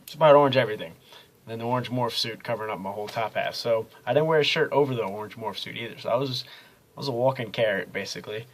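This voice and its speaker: Young guy, college student vlogger, laid-back rambling daily diary, mid-pitched voice. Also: quick pace, a little hiss or hum. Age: young adult. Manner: rambling, easygoing, many ums and uhs. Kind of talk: casual daily video diary.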